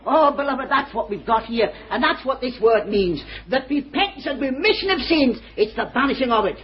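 A man's voice: extremely high pitch, expressive, moderate pace, slight background noise. An older man preaching a sermon, fervent and joyful, often breaking into exclamations and laughter. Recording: dull old lo-fi sermon recording.

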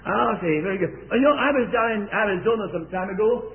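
A man's voice: high-pitched, expressive, quick pace, creaky, phone-quality sound. A man preaching a sermon to a congregation in an earnest way, often asking them questions. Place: church service.

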